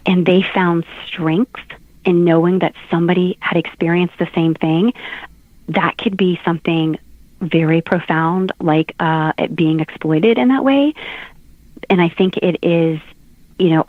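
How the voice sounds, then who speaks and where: A woman's voice: lowish voice, unhurried, no room sound. A middle-aged woman, a guest author, telling funny stories in casual talk-show chat. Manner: animated storyteller, laughs often. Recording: tinny phone-like line.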